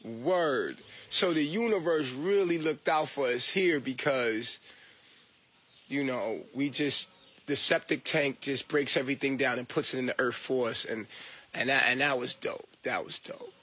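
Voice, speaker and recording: Bright, husky-voiced man ranting casually. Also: medium pitch, moderate pace. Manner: profane, animated, mocking, laughs at himself. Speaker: online talker. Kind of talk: casual rant.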